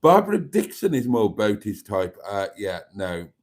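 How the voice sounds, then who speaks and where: A man hosting a live stream as the channel host reads out viewer comments, adding wry, self-mocking asides. His fairly low voice is sing-song and a little mellow, at a measured pace.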